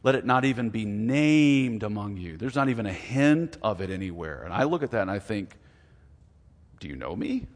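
A man's voice: fairly low pitch, a little fast, hardly any pauses. A man in his forties preaching a sermon as a pastor, earnest and acting out little dialogues with God. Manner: earnest, acts out dialogue with God in lively voices. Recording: long hall reverb.

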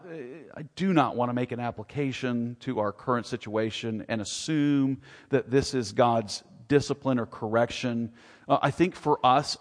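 A man's voice: mid-range voice, long reverb tail. A man preaching a sermon as pastor, earnest and preacherly, often rising into emphatic questions.

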